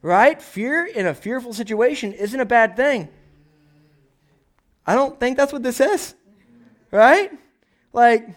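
A young adult male pastor preaching a conversational sermon, animated, often asking "right?" and acting out quotes. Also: extremely high pitch.

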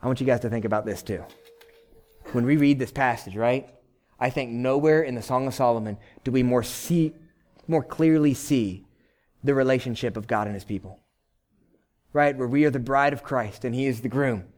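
A male pastor delivering a sermon at a mid-range pitch. He talks conversationally, often checking in with his listeners, then drives his points home in short, repeated commands. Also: normal speed, darkish tone. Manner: emphatic, direct exhortation in short repeated phrases.

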